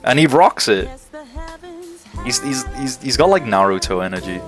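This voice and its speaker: A man's voice: mid-range voice, big pitch swings, normal speed, soft background music. A young man streaming live, chatting casually with viewers in a rambling, enthusiastic way and swearing freely. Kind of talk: casual livestream chat answering viewers.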